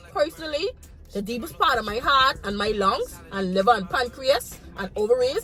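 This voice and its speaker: A woman's voice: a little high, a bit bright. A young woman from the Bahamas with a Bahamian accent, frankly telling a casual storytime and acting out her own reactions. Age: young adult. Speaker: vlogger.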